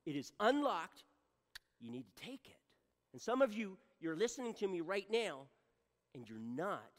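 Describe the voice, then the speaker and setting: A pastor preaching a sermon to a congregation, swinging from loud exhortation down to a hushed near-whisper and often checking in with the listeners. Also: medium pitch, in a large hall. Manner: direct address to congregation, repeated rhetorical checks.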